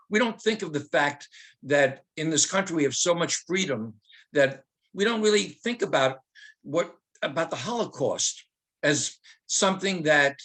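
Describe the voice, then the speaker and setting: A man in his seventies, a retired teacher, telling personal stories with humor and slowing into dramatic readings. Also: on the high side, fairly bright tone. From Germany. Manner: humorous, anecdotal, slows to dramatic recitation.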